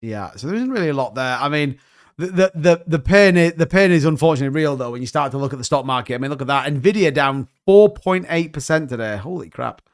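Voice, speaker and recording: A man's voice: a little high, lively intonation, fast. A man hosting a casual livestream, joking and bantering as he reads out chat comments. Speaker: crypto livestream host.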